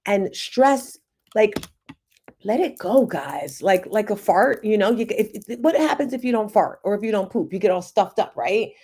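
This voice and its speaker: A woman in her fifties hosting a casual livestream, telling personal stories in a chatty, animated way. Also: mid-range voice, moderate pace, breathy edge. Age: 50s. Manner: chatty, animated storytelling with laughs. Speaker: livestream host, confidence coach. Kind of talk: casual group livestream talk.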